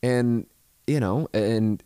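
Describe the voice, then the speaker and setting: A man's voice: medium pitch, very slow, mellow, clean tone, no echo, studio quality. A man hosting a podcast, rambling profanely through a listener email, full of restarts and asides. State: married. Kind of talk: casual rambling monologue.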